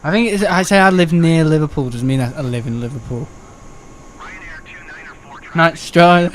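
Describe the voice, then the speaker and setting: Young guy, slightly high voice, rambling live-stream chatter with a loose mouth. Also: moderate pace, long pauses, a little hiss or hum. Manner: rambling, chatty, swears and laughs often. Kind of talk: casual live-stream chat.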